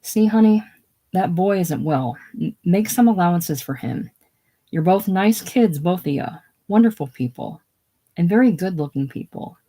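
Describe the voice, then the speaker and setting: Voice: mid-range voice, animated, moderate pace, warm tone. A reader doing a soothing fatherly friend. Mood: coaxing. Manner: coaxing, reassuring. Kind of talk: casual play reading.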